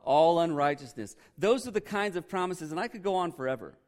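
Conversational preaching man, slightly high voice. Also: animated, fast. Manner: conversational preaching, quizzes the congregation. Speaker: pastor. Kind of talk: sermon.

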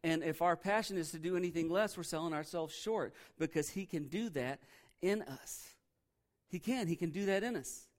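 A man's voice: fairly high pitch, normal speed. A male pastor preaching a sermon in a conversational way, asking the congregation questions and laughing at himself now and then.

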